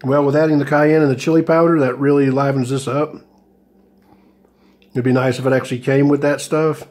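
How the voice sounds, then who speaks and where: Flat-voiced man rambling through a vlog. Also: medium pitch, fairly quick. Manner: rambling, hesitant, many fillers and restarts. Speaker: ration review vlogger. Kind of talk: casual food review vlog.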